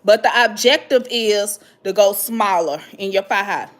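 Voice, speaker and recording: A woman hosting a vlog, chatting casually and reading viewer comments, animated and dramatic with slangy asides. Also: mid-range voice, measured pace. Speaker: vlog host answering viewer questions.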